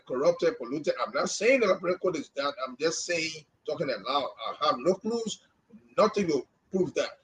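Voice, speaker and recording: A man's voice: high-pitched, low-quality recording. A man from Liberia, a former journalist co-hosting a podcast, giving an impassioned opinion and repeating words as he presses his points. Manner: emphatic, repeats words when stressing a point. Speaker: podcast co-host.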